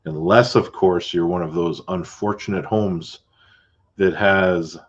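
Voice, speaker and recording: Deep husky man hosting a podcast. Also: slow pace, highs cut off. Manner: relaxed, chatty, with fillers and asides. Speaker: podcast host, realtor. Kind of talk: casual chat.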